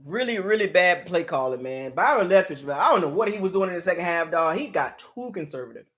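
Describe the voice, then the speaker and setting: A man's voice: sits high, expressive, fast talker, fairly bright tone. A man hosting his own channel, ranting in frustration as he reacts live to a game. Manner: frustrated, exasperated, repeats "man" and "dog". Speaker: sports fan channel host.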